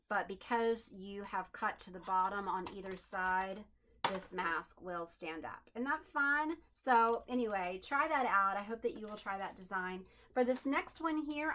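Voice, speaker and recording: A woman's voice: mid-range voice, a bit bright. A woman hosting a home craft tutorial, chatting in an upbeat way and thinking aloud as she works at her desk. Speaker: crafting channel host.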